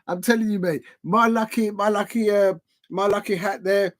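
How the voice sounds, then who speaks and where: A man hosting a live football watch-along on his channel, chatty and excitable and jumping to shouts at big chances. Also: high voice, slow pace, dry recording.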